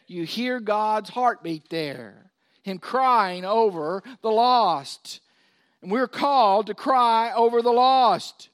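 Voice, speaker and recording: Man, preacher, high voice, rising to loud stress then dropping to a hush. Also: animated, slow. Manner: preaching with sudden swings from loud emphasis to hushed. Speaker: pastor. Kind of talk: sermon.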